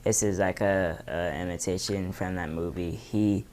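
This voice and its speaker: A man's voice: sits low, fairly even intonation, a little slow, darkish tone, slight background noise. A man casually recapping movie scenes, rambling with many fillers. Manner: loose, filler-heavy storytelling. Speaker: impressions vlogger.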